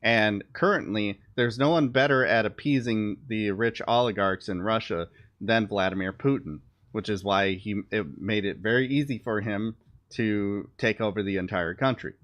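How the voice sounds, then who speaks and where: A man's voice: lowish voice, normal speed, fairly bright tone. A man who streams live, giving casual political commentary in a blunt, sarcastic way and swearing offhandedly.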